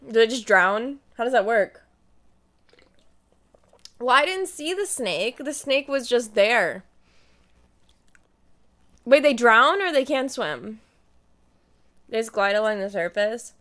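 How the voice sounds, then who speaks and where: A woman's voice: mid-range voice, fairly bright tone. A young woman in her twenties chatting casually to her live stream audience, telling a story and acting out what she and her friends said.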